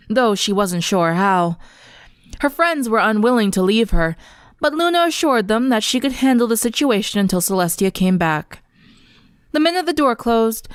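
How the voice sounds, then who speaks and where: A young woman reading a fan story aloud in an earnest, expressive storybook narration. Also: mid-range voice, clean tone, dry recording, studio quality. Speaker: fanfiction reader.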